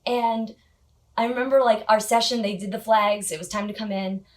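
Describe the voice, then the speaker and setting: A woman's voice: medium pitch, fairly even intonation, normal speed. Chatty woman vlogger, laughing easily. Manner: chatty, frequent little laughs and filler words. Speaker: motorcycle gear vlogger. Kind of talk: casual storytelling to camera.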